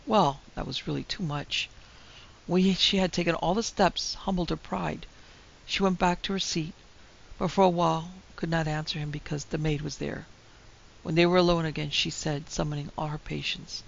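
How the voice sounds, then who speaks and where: A woman narrating a classic ghost story in a measured, dramatic way. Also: sits low, fairly even intonation, gravelly. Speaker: narrator and producer. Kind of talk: scripted horror story narration. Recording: dull lo-fi recording with faint hiss.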